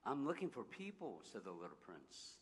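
A man's voice: lowish voice, wildly swooping pitch, husky, heavily acted. A man reading as a curious little prince. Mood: curious, wistful. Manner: slow, questioning storybook reading. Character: curious sad little boy prince, polite. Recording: long hall reverb.

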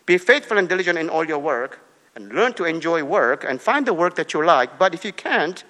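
A man from Korea preaching a sermon, repeating short commands and swinging between soft and loud delivery. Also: on the high side, very animated, fairly quick, in a large hall. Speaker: pastor.

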